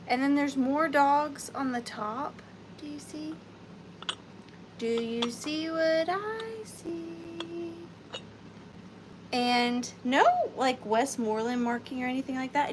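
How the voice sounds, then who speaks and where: A woman's voice: a little high, background noise. A woman hosting a live vintage sale, chatting playfully with viewers by name and counting down bids. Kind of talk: live auction selling chat.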